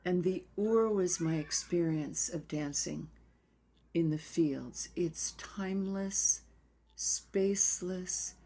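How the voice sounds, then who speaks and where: An older woman dance therapist telling stories in an interview in a reflective, unhurried way, sometimes dropping to a near whisper. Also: fairly low pitch, dark tone.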